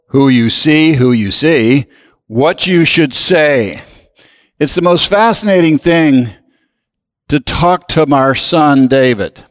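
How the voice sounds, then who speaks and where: Slow, emphatic male preacher in a hall. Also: a little high. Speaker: pastor. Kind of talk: sermon.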